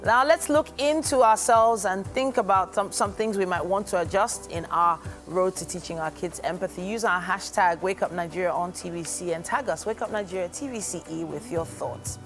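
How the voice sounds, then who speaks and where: A woman's voice: on the low side, moderate pace, hardly any pauses, soft background music. A woman co-hosting a breakfast TV show who listens closely, gives frequent short affirmations and asks questions. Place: TV studio.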